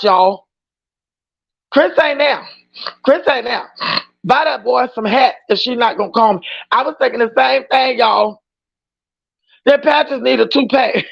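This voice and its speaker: Brief: outspoken woman streamer, high gravelly voice, dull lo-fi audio. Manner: emphatic, outspoken, often raising her voice. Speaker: livestream reaction host. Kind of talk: casual livestream commentary.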